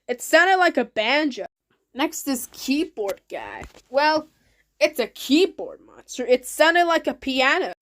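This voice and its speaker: A woman hosting her own video, narrating casually with excited, simple, repetitive phrasing. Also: high voice, slow pace. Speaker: channel host.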